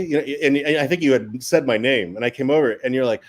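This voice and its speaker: A man's voice: mid-range voice, rapid-fire. Casual man telling a set story. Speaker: guest. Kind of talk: storytelling chat.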